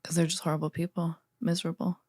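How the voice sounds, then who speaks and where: Low-voiced woman, skeptical and blunt, dry close sound, chatty podcast. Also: level tone, fast talker, darkish tone, no echo. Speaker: podcast co-host and first-time reader. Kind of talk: casual book-club chat.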